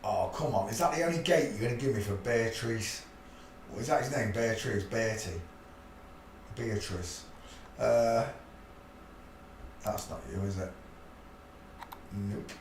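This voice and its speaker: This channel host has a lowish voice and an unhurried delivery full of long pauses. He rambles through his live stream, chuckling bluntly and muttering offhandedly to himself, recorded from a distant mic in a room that echoes, with faint hiss in the background.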